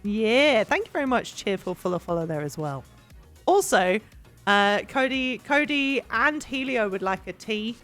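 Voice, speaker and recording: An English woman in her young adult years chats away on a stream, bubbly and full of giggles, her fairly high voice swooping up and down as she rambles. Soft music plays faintly underneath. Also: animated, measured pace. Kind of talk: casual chat while cleaning.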